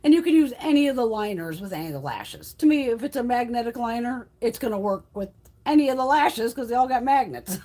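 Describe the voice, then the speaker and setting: A woman hosting a beauty livestream, chatting casually in a blunt, profane, animated way and laughing often. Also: a little high, a little fast.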